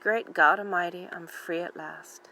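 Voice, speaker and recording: A woman's voice: fairly low pitch, fairly even intonation, measured pace, gravelly, sharp tone, a little hiss or hum, heavily acted, low-quality recording. A woman reading aloud as a blunt, unsentimental elderly German woman with a dry, matter-of-fact manner. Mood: wry.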